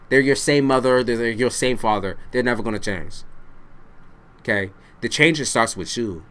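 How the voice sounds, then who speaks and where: A man's voice: medium pitch, a bit bright. A man giving a tarot reading to camera, speaking bluntly and directly to the listener, swearing freely and repeating himself for emphasis. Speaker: tarot reader.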